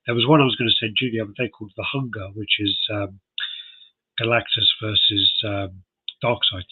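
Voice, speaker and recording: A man's voice: fairly low pitch, steady tone, brisk, husky, phone-quality sound. An American man co-hosting a podcast in casual chat, laughing often as he reads out details. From United States. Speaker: podcast co-host.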